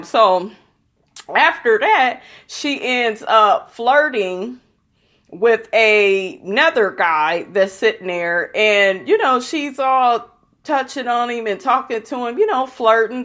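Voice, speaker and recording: A woman's voice: fairly high pitch, expressive, a little slow, a bit bright. A woman giving a casual, profane, gossipy recap of a reality show episode, blunt and opinionated about the people in it.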